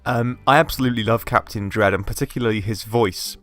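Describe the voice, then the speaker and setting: A man's voice: on the low side, quick pace, a bit bright, soft background music. A man casually commenting on a video game as he plays, chatty and full of fillers. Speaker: let's play host.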